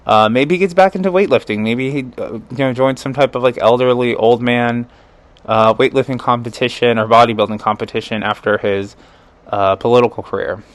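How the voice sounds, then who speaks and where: A man's voice: mid-range voice, brisk. A man giving a casual astrology chart reading as a tarot reader. He rambles, fills his talk with "like" and "um", and adds chuckling asides.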